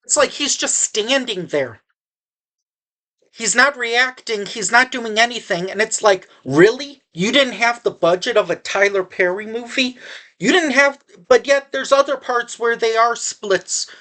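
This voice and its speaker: A woman's voice: fairly high pitch, unhurried, fairly bright tone. A woman giving a casual spoken movie review, sarcastic and exasperated, rambling with frequent restarts.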